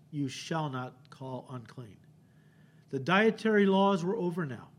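A man preaching a verse-by-verse sermon from the pulpit. His voice sits fairly high for a man, and he brings the scripture quotes to life as he reads them. He checks in with the congregation often. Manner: animated, acts out quotes, frequent "okay?" check-ins. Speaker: pastor. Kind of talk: expository sermon. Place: church sanctuary.

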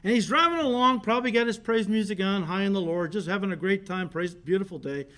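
Male pastor, middle-aged, high pitch; animated storytelling sermon with big volume shifts. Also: fast talker.

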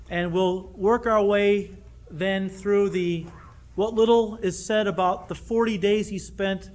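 A man preaching a sermon in an earnest way, often asking his listeners rhetorical questions. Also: high-pitched.

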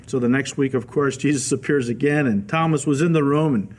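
A male pastor giving a radio Bible teaching sermon, telling the stories in a lively way and acting out the quoted voices. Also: mid-range voice, fairly quick. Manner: animated storytelling, acts out quoted voices.

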